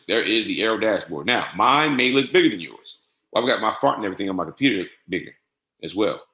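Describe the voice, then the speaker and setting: Casual man walking through software setup. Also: lowish voice, expressive. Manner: casual, repeats "all right" and spells codes out slowly. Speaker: trading software instructor. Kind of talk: screen-share software tutorial. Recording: echoey room.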